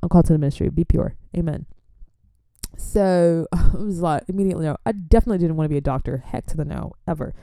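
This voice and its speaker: A young woman from an immigrant family, talking in a chatty, animated way as she gives faith-based life advice and laughs often. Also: sits low, very fast, creaky, few pauses, no echo, clean studio sound. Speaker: Christian vlogger. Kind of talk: casual advice talk.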